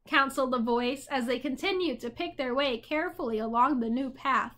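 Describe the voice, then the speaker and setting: Woman narrator, high voice, expressive, reading a children's book aloud. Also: moderate pace. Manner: expressive storytelling.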